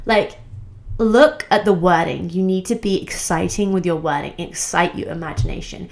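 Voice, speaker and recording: A woman's voice: on the low side, moderate pace, creaky. A young woman giving a casual motivational talk to camera, bubbly and emphatic, often laughing mid-sentence as she makes her points. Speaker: self-improvement creator.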